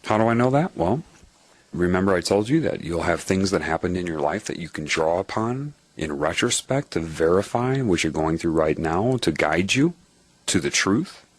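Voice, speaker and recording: A man giving a spiritual monologue, telling a personal story in an animated way and repeating phrases for emphasis. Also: deep voice, moderate pace, breathy edge, no echo. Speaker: spiritual speaker. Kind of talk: lecture-style monologue.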